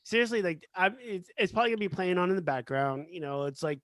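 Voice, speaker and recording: A man's voice: high-pitched, lively intonation, fast, a bit bright, dry recording. A man co-hosting a podcast, chatting casually and filling his speech with "like". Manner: chatty, with lots of "like". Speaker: podcast co-host. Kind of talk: casual chat.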